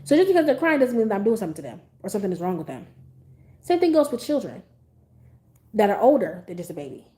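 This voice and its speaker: A young adult woman hosting a podcast, talking in a casual, blunt and animated way and swearing freely. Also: mid-range voice, quick pace, pauses often. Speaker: podcast host. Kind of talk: casual opinion monologue.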